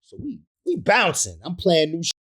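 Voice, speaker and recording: A man's voice: on the high side, wildly swooping pitch, normal speed, fairly bright tone, slight background noise. A man in his fifties, a rapper being interviewed, telling a long anecdote in casual slang. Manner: slangy, acts out other people's voices in quotes. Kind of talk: animated storytelling anecdote.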